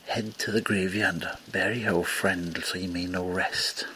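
A man's voice: low voice, steady tone, a little slow, sharp tone, slight background noise, poor audio. A man voicing a band of stern, all-knowing little fairy men, speaking in a commanding way.

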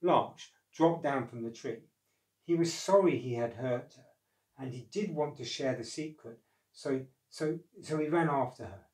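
A man reading a children's storybook aloud in a slow, gentle, expressive way. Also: mid-range voice. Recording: echoey room, distant mic.

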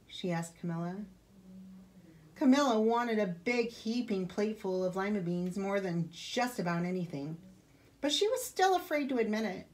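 A woman librarian reads a children's picture book aloud with expressive storytelling. Her voice sits in the mid-range, and she keeps a moderate pace.

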